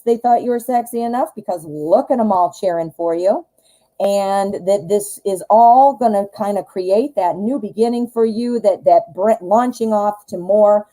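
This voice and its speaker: Female tarot reader on a live stream, mellow voice, enthusiastic and chatty. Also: medium pitch, rough recording. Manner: chatty and enthusiastic, talks straight to the viewer.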